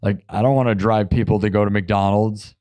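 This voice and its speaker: A man's voice: on the low side, fairly even intonation, fairly quick, mellow, dry recording. A man hosting a live stream, chatting in a rambling, jokey way and talking straight to his chat. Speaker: live-stream host and musician.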